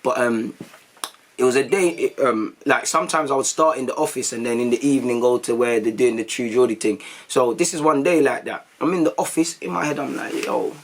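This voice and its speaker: A young man, a vlogger telling stories to his viewers in a casual, animated way, full of slang and acted-out quotes. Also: mid-range voice, brisk. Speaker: YouTube vlogger.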